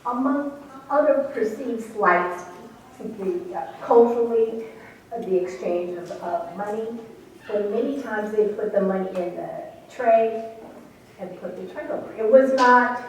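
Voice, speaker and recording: Woman telling a story in an echoey hall. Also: fairly high pitch. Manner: animated storyteller, acting out quotes, laughing. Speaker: radio station manager recounting events. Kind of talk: speaking to an audience, storytelling. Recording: echoey room from far off, faint noise.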